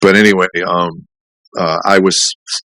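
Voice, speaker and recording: A middle-aged man with a very low voice tells a long, candid story in a podcast conversation. He rambles, restarts sentences and acts out the voices of others. The sound is dry and close, with no room echo. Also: level tone, a little slow, sharp tone. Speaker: comedian guest.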